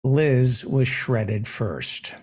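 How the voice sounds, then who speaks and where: A man's voice: medium pitch, very slow, noisy background. Sarcastic male comedy host. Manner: sarcastic, deadpan jokes with mock questions. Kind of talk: satirical comedy monologue.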